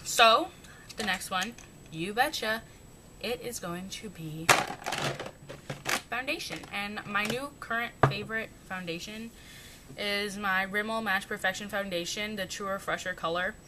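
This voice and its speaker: A young woman chatting casually through her makeup routine, rambling and joking at herself. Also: unhurried. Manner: chatty, rambling, self-mocking. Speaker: beauty vlogger. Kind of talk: casual makeup tutorial chat. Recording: noisy home recording with rumble.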